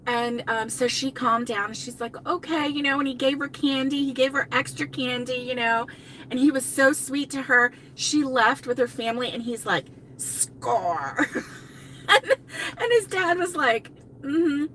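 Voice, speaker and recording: A woman's voice: high-pitched, moderate pace, pushed and bright, a little hiss or hum. An older woman chatting casually from inside her car on a live stream, rambling, laughing often and reading out viewer comments. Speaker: crochet channel host.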